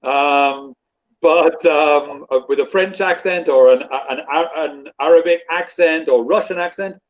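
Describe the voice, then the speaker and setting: A British man tutoring English on a video call, talking in a relaxed way and repeating phrases while he thinks. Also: on the high side, unhurried, dull audio. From Britain. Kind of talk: casual conversation on a video call.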